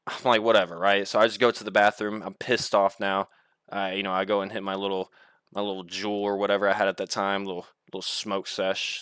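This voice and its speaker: Young male vlogger, loose and profane storyteller, punchy bright tone. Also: fairly low pitch, no echo, studio quality. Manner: rambling, profane, laughs while telling. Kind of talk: casual storytelling.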